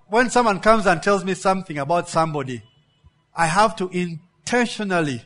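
A man with a high-pitched voice delivers a sermon as a pastor. He hammers points home by repeating words and keeps asking his listeners "yeah?" to draw them in. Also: expressive, normal speed, a bit bright. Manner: preaches with frequent rhetorical "yeah?" check-ins to the congregation; emphatic, repeats words for stress.

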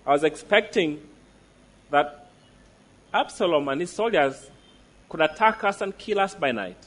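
Emphatic male preacher, higher voice. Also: expressive, a bit bright. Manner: emphatic, with slow stressed declarations; asks the listeners direct questions. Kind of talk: sermon.

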